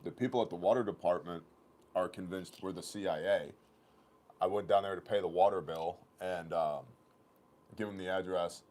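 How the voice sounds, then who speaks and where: Guy with a lowish voice, chatty host, laughs a lot telling stories. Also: moderate pace. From Oklahoma. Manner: animated, laughing storyteller. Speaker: host of the company livestream. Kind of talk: casual chat and storytelling.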